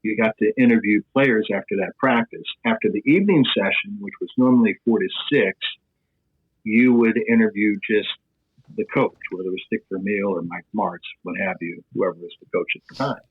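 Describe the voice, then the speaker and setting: A middle-aged man with a Midwestern American accent, a sports broadcaster telling an animated anecdote on a podcast, tossing in fillers as he goes. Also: on the low side, fairly quick, breathy edge. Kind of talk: podcast storytelling. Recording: tinny phone-like line.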